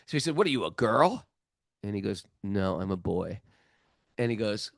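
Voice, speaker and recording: A middle-aged man hosting a spiritual podcast, telling a story in a lively casual way, acting out the other people's lines and laughing often. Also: on the low side, moderate pace, gravelly, dry recording, studio quality. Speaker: podcast host.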